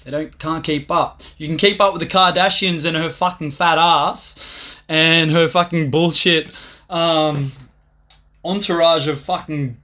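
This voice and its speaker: A man's voice: fairly high pitch, moderate pace, sharp tone. A young man rambling profanely on a livestream, swaggering and laughing at his own jokes.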